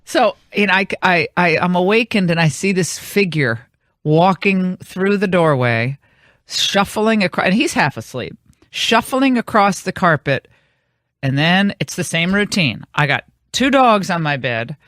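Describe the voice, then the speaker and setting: Animated woman radio host rambling on-air. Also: lowish voice, unhurried, dry recording, studio quality. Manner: rambling, anecdotal storytelling. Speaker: radio talk show host. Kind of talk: casual on-air chat. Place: radio studio.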